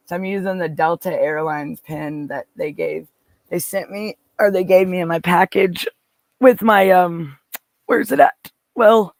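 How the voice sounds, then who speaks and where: Gravelly man chatting live from his car. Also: a little high, no echo. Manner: rambling, reads viewer comments aloud, many restarts. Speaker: livestream host. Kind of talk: casual livestream chat. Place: parked car.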